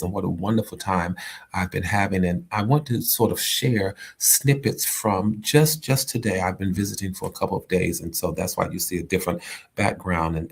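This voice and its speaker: Host, middle-aged man, deep gravelly voice with husky edge, casual inspirational livestream chat. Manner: warm greetings to viewers, many restarts, preachy repetition. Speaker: host of a live-streamed talk show. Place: indoors at a friend's home while traveling.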